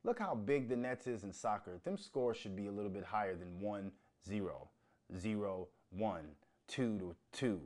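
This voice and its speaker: A man's voice: fairly low pitch, lively intonation, normal speed, darkish tone. A man hosting a casual solo podcast, talking bluntly with lots of swearing and joking. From United States. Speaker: podcast host.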